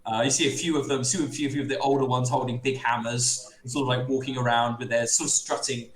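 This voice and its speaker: A man's voice: medium pitch, level tone, fast talker. A man narrating a tabletop game scene, rambling and restarting his descriptions. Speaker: game master. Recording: echoey room with crowd noise.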